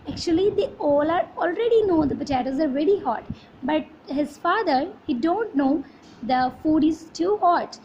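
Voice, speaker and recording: A woman teacher, reading a children's poem aloud in a slow, sing-song way with puffing sounds, and explaining words to her students. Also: extremely high pitch, animated, a little mellow, slight background noise, poor audio. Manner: addresses students as beta.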